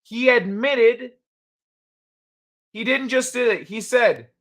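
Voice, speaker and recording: A man with a high, bright, sharp voice hosts a casual livestream, answering chat messages as he goes. He rants in a heated, blunt way and swears freely. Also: takes it slowly. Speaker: livestream host reading chat.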